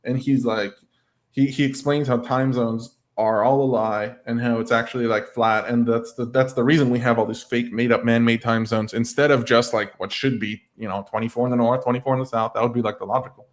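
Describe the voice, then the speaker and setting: A man's voice: medium pitch, flat delivery, a little fast. A man talking casually on a livestream. He rambles, filling his speech with "like" and "I don't know", and reads out and answers viewer comments.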